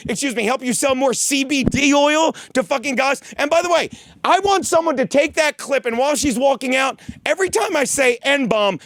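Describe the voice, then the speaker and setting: Tipsy middle-aged man ranting, high voice. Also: fairly bright tone, no room sound, clean studio sound. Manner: heated, rambling, spells out words letter by letter. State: tipsy from whiskey. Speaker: podcast host. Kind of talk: profane comedic rant. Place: studio desk.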